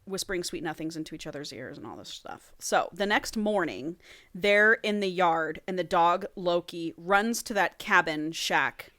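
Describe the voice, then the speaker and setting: Woman, podcast co-host, slightly low voice, animated storyteller, profane, reads passages aloud. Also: normal speed, dry recording. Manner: animated storytelling, profane, acts out characters' lines. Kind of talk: casual book recap and reading aloud.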